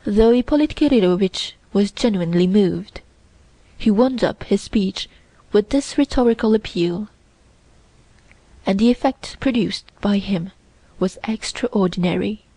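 A woman narrates a classic novel in a measured, even audiobook reading. Her voice sits in a middle register and is recorded close and dry, with no room sound around it. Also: medium pitch, no room sound, rough recording.

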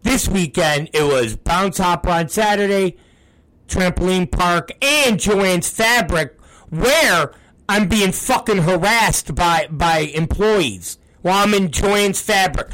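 A middle-aged man, a wrestling promoter, ranting on a talk show, swearing constantly and breaking into shouts. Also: sits high, animated, slow, a little hiss or hum. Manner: profane, ranting, bursts into shouting.

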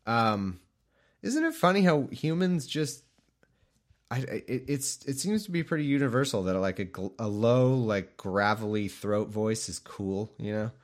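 A man's voice: mid-range voice, lively intonation, unhurried. A man reading scripture aloud in a casual way, breaking off into joking, rambling asides. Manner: irreverent, joking, rambling, self-mocking. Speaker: scripture reader.

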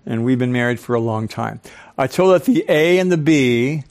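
An older man lecturing to a live audience in a club hall. His delivery is animated, and he keeps pausing to throw questions at the crowd. His voice sits at an ordinary middle pitch. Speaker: speaker and professor.

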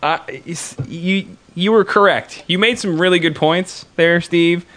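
A man's voice: sits high, measured pace, fairly bright tone, dry recording. A man co-hosting a comedy podcast, joking around and swearing freely in casual banter. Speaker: podcast co-host.

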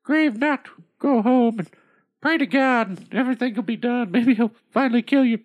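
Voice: mid-range voice, moderate pace, highs cut off, pitched above the performer's own voice, close to an everyday voice. A performer voicing a crude, exasperated goldfish in a comic storybook reading. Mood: grumpy. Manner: foul-mouthed, exasperated. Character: crude grumpy goldfish granting wishes.

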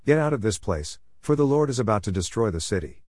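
A man's voice: lowish voice, expressive, fast talker, darkish tone, dry recording, studio quality. A man reading as an anxious pleading host. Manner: urgent, imploring.

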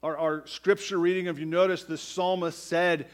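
Man, pastor, sermon, emphatic delivery, "right?" asides, loud-to-hushed swings, slightly high voice. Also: steady tone, normal speed. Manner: emphatic preaching, frequent "right?" asides, rising and dropping to near-quiet.

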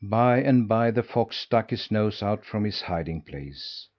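A man narrating a storybook in a steady, measured reading. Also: fairly low pitch, dull audio. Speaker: audiobook narrator.

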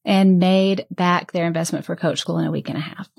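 A woman hosting a podcast as a business coach, talking candidly and earnestly about investing in yourself, with soft laughs. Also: on the low side, fairly even intonation, brisk, creaky, no room sound, studio quality. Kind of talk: candid conversational interview.

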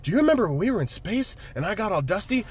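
A man voicing an excited teenage boy superhero who rambles breathlessly in a raised voice. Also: high voice, racing, husky, pitched above the performer's own voice, heavily acted. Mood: excited rambling.

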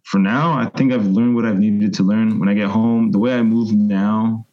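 A man in his thirties, a guest telling long, animated stories and acting out other people's voices. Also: fairly low pitch, moderate pace, few pauses, dull audio. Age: 30s. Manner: rambling, animated storyteller, mimics voices. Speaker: interview guest. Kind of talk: casual storytelling interview.

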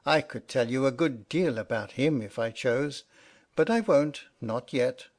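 A man lifts his voice into a gossipy middle-aged bumboat woman who pries with pert, nosy questions. The voice sits in a middling register, clear and unhurried, as in a read-aloud storybook. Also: mid-range voice, expressive, darkish tone. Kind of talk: audiobook reading.

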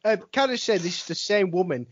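A man's voice: high voice, lively intonation, a little fast, no echo, highs cut off. A young man from England chatting on a podcast at home, swearing a lot and laughing often. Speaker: podcast co-host. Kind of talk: casual chat. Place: at home, speaking from his room.

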